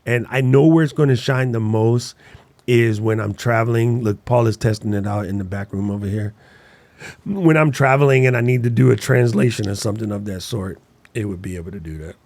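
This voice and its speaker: A man co-hosting a podcast in casual chat, slangy and playful, even making sound effects with his mouth. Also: lowish voice, fairly quick, no room sound. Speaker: podcast co-host.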